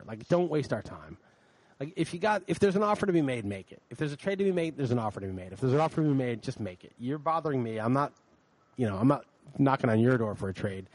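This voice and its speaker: A man's voice: mid-range voice, fast, dry recording. A man co-hosting a podcast, ranting in casual chat with lots of swearing, tired late at night. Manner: ranting, profane, animated. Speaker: podcast co-host.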